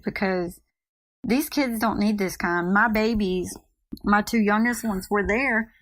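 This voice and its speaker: A woman's voice: medium pitch, a bit bright, no echo. Chatty woman telling a story. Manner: chatty, acts out quoted voices. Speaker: vlogger, mother. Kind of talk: casual storytelling to camera.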